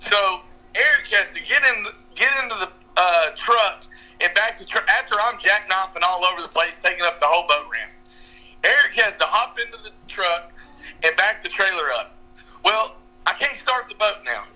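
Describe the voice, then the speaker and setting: This young fishing guide, a podcast regular, speaks with a drawl in a high-pitched, pushed, bright voice. He laughs while recounting a fishing tale casually over a muffled phone-line call.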